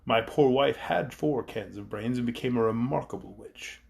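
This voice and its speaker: A proud mountain ruler and sorcerer voiced by a man who brags about his own cleverness and grumbles about his enemies. His voice is gravelly, at a middle pitch. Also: normal speed, a little mellow. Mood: boastful. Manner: self-satisfied, grumbling storytelling. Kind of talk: audiobook character voice.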